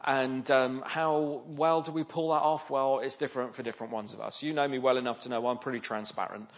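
A man's voice: mid-range voice, steady tone, a little fast. A man preaching a sermon in a conversational way, often asking the listeners rhetorical questions. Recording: slightly dull, lo-fi sound.

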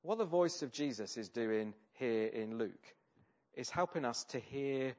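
A man delivers a sermon at an ordinary pitch, earnest and conversational, leaning on tag questions to draw his listeners in. The recording is a little dull and lo-fi. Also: expressive, unhurried, a little mellow. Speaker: preacher.

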